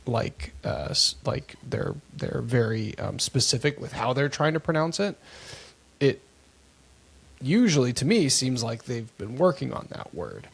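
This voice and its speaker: A man co-hosting a podcast, telling stories in a rambling, animated way with lots of fillers. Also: medium pitch, measured pace, gravelly, breathy edge. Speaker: podcast co-host. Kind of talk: casual chat.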